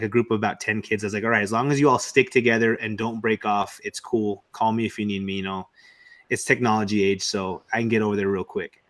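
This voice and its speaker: A Texan man hosting a casual chat, telling a lively story and saying "man" a lot. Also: lowish voice. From Texas. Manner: storytelling, animated. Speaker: podcast host.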